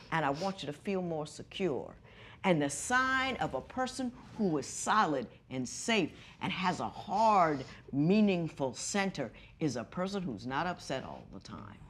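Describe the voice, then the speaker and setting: A woman's voice: lowish voice, very animated, a little slow. Emphatic TV judge, woman. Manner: emphatic, lecturing, swings from loud to hushed. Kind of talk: courtroom TV show.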